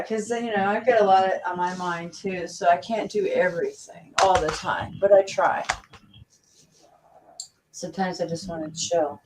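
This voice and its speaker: A woman hosting a casual livestream chat, rambling with many halting restarts. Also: medium pitch. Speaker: livestream host. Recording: distant mic with faint noise.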